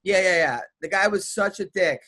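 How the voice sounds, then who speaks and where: A middle-aged man hosts a podcast in loose, casual chat, his voice sitting notably high for a man. He rambles through his stories, stammering and restarting, and swears freely along the way. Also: normal speed, bright, forceful tone. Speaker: podcast host.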